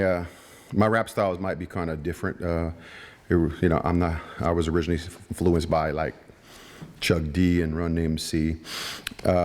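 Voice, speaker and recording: A man with a Cajun accent, an author reading his work in a measured, rhythmic way and then chatting with a festival audience. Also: deep voice. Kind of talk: poetic reading and casual stage talk. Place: festival stage. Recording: long hall reverb.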